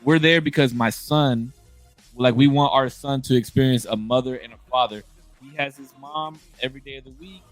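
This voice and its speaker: A man's voice: medium pitch, moderate pace, faint music behind. A man in his thirties talking candidly in a casual conversation, emphatic and blunt, often restarting his sentences. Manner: emphatic, frequent profanity and restarts.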